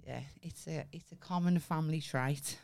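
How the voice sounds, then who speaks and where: A woman's voice: low-pitched, moderate pace, a little mellow. A woman with a Birmingham accent, co-hosting a casual comedy podcast, sweary and laughing a lot. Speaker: podcast co-host.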